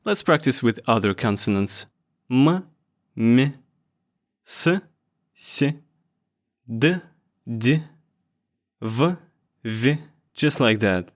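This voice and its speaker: A man's voice: medium pitch, drawn-out words, pauses often. A man with a Russian accent gives a pronunciation lesson, saying each sound and word twice. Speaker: language teacher.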